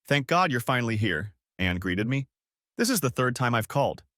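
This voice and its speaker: Here is a man playing a pushy, impatient woman friend who presses her point hard. Her pitch rises and falls in lively swings as she talks. The sound is dry and close, with no room around it. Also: normal speed, dry recording. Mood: urgent. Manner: pressing, exasperated. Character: frantic female friend, insistent and blunt.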